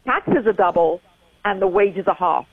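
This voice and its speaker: An older woman from England, a guest in an interview, telling stories with animated, emphatic repetition over a dull lo-fi line. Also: medium pitch, unhurried, husky, no echo. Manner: animated storyteller, emphatic repeating. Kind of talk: phone-in interview chat.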